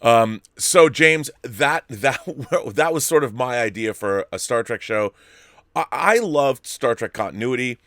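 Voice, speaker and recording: A man's voice: mid-range voice, lively intonation, unhurried, a bit bright, dry recording, studio quality. A man in his fifties hosting a live-stream show, chatting in a rambling way with many restarts. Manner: baby-talk voice to dogs. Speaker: host.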